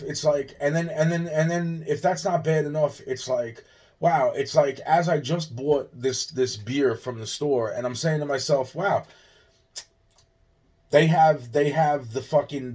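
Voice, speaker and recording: A man's voice: mid-range voice, darkish tone. A man, from Long Island, rambling through an agitated, profane personal monologue and often restarting his sentences. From Long Island, New York. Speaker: vlogger.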